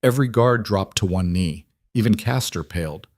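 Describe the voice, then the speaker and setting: A man narrating a fantasy romance audiobook in a steady storytelling way. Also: fairly low pitch, normal speed, no echo, studio quality.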